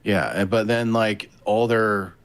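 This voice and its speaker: A man's voice: on the low side, steady tone, unhurried, smooth. A man co-hosting a gaming podcast, talking casually with swearing and restarts. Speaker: podcast co-host.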